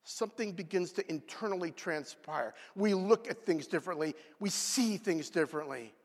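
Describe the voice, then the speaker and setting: Guy preaching, highish voice, super lively ups and downs, big echoey hall. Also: normal speed. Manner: animated, swings between loud outbursts and hushed asides. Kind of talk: sermon. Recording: long hall reverb.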